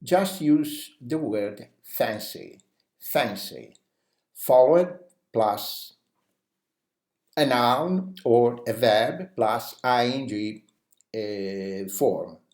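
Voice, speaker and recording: Slow-paced male English teacher. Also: mid-range voice. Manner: acts out example phrases in a lively way; uses many "you know" fillers. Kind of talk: language lesson. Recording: roomy echo.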